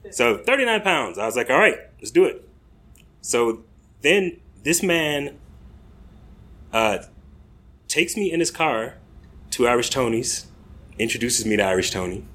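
A man's voice: mid-range voice, very animated, unhurried, pauses often, fairly bright tone. An American man telling a rambling comic story on a comedy club stage, casual and laughing at his own tale. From United States.

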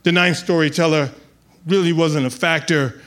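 Animated man telling a story on stage. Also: fairly high pitch, normal speed. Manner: animated, builds to loud excited outbursts. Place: live venue with audience.

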